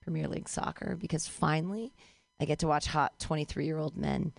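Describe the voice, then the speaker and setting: A woman's voice: low voice, fairly even intonation, brisk, gravelly, no room sound. A woman hosting a comedy show, cheering on the act and adding playful banter. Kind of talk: introducing acts at a comedy show.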